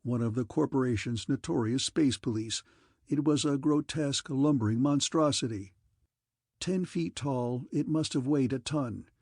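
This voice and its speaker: A man reads an audiobook in measured, dramatic narration. His voice has a gravelly fry and a husky grain. The recording is close and dry. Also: mid-range voice, darkish tone, no room sound. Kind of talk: scripted narration.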